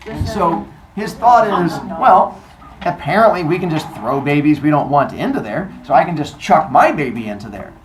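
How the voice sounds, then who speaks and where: A woman retelling a myth in a lively comic way, joking and quizzing her listeners. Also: sits low, normal speed. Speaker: storyteller. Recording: echoey room, noisy.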